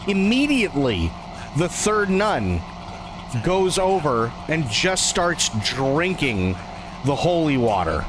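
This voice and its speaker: A man's voice: fairly high pitch, background noise. Wry man streaming a game. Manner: joke-telling and wry. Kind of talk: casual live gameplay chat. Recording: clear game music behind.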